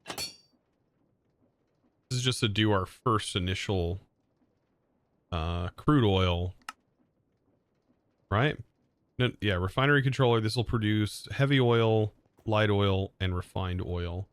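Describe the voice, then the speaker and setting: A man's voice: fairly low pitch, slow, pauses often, slight background noise. A young man streaming a game live, thinking aloud in a hesitant way and often correcting himself mid-sentence. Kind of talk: live gameplay commentary.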